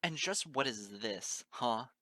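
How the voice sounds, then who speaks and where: A man's voice: mid-range voice, animated, brisk, pushed and bright, no echo. A man reading as a breezy, sarcastic mare teacher. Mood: heated. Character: easygoing, teasing adult female pony teacher. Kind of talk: amateur audiobook reading.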